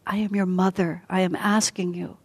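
A woman's voice: lowish voice, flat delivery, moderate pace, breathy edge. A woman voicing a sorrowful pleading queen mother.

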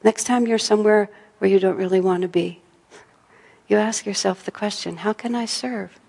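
A middle-aged woman giving a gentle, reflective spiritual talk, acting out her own inner dialogue. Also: medium pitch, fairly even intonation, normal speed, vocal fry, in a large hall. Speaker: spiritual teacher.

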